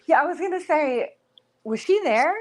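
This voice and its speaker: High, expressive woman reacting with gasps. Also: normal speed, no room sound. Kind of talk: casual chat.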